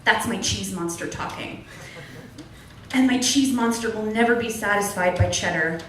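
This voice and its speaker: A woman's voice: mid-range voice, slight background noise. A young adult woman at an open mic, performing spoken word poetry in an earnest, candid way with wry humor. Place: small club at an open mic. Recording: distant echoey room recording.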